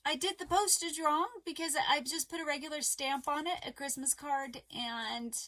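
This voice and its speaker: A middle-aged woman vlogging casually to camera about crochet mail, her voice going hoarse, halting and emotional with many fillers and restarts. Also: high-pitched, sharp tone. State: losing her voice.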